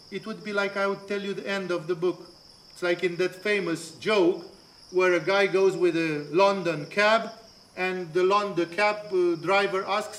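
A man's voice: sits high, fairly bright tone, a little hiss or hum. A man teaching a spiritual lecture, earnest and storytelling, weaving anecdotes into his points. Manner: storytelling, earnest, acts out quoted voices.

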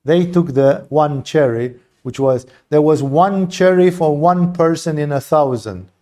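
Passionate spiritual teacher, warm-voiced man. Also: fairly high pitch, unhurried. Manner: impassioned, blunt, swears, rhetorical asides. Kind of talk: satsang talk on poetry.

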